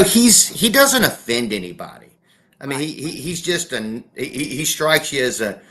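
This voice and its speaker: A man's voice: medium pitch, bright, forceful tone. Man from South Carolina, folksy guest. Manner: folksy, self-correcting, many restarts. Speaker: guest, former state legislator. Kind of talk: political interview.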